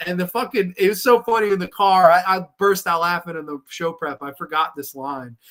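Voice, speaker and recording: A man with a fairly high-pitched voice talks through a film review on his own podcast. He rambles casually, piles up "um" and "like," restarts his sentences and swears often. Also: fairly even intonation, brisk, a bit bright. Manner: rambling, profane, lots of fillers and restarts. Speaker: podcast host reviewing films.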